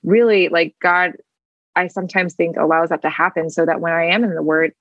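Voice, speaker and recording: A woman's voice: fairly low pitch, fairly even intonation, brisk, dry recording, lo-fi sound. A young woman in casual, earnest talk about her faith over a video call, rambling with many fillers and getting emotional. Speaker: guest.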